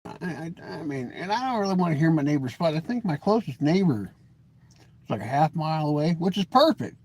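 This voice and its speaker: A man's voice: fairly quick, slightly rough, dry recording. A man from the Pacific Northwest hosting a casual, rambling live stream, folksy and joking, calling himself grumpy. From Washington state. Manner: lively pitch swings, mimics voices in anecdotes.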